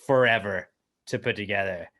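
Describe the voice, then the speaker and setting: A man co-hosting a podcast, chatting casually and teasing with quick jokes. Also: lowish voice, fairly bright tone. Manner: wisecracking, teasing. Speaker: podcast co-host. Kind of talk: casual chat.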